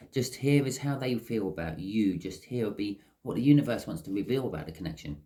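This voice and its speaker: Chatty male tarot reader, lower-pitched, conversational, checks in with the viewer. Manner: chatty, lively rises in pitch, frequent "okay?" check-ins. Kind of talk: casual tarot reading to camera.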